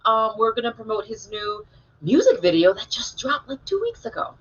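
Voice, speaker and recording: A woman's voice: on the high side, very animated, normal speed. A woman co-hosting a live online talk show, chatting casually, telling stories and reading viewer comments aloud. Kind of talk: casual live-stream chat. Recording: dull lo-fi live-stream audio.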